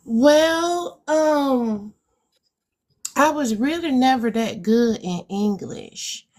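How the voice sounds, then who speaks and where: A guest poet from Alabama, speaking with a rural Alabama accent, talks through her answers reflectively in a casual interview, with many hesitant fillers. Her voice is high-pitched, animated and darkish, and she speaks very slowly.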